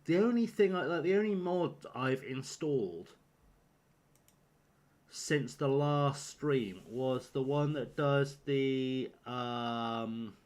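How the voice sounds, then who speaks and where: A man talks through a football management game on a live stream. His voice sits in an ordinary middle pitch, and he rambles and fusses aloud as he sorts out his lineup. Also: very slow, darkish tone. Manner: rambling, flustered, talks to himself while picking a team. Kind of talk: live-streamed gameplay commentary.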